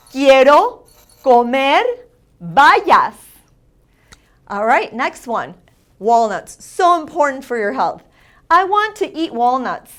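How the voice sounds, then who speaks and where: A woman's voice: high voice, a bit bright. A woman hosting a community TV show, giving an upbeat Spanish lesson and drilling phrases with emphatic repetition. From Italian heritage. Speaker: show host and Spanish teacher.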